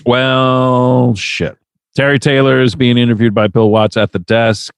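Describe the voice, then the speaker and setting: A man's voice: medium pitch, a little slow, clear, resonant tone, dry recording. Profane man recapping, dry sound. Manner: animated, profane storytelling. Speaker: podcast host. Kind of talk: casual chat, recapping.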